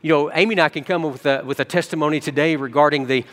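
A man preaching a sermon as a pastor, telling stories and jumping between soft low asides and excited quoted voices. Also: fast talker, long reverb tail.

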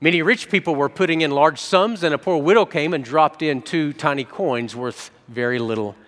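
A man's voice: on the high side, moderate pace, a bit bright. Earnest male pastor preaching in a hall. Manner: earnest storytelling with frequent restarts. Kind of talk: sermon. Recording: long hall reverb.

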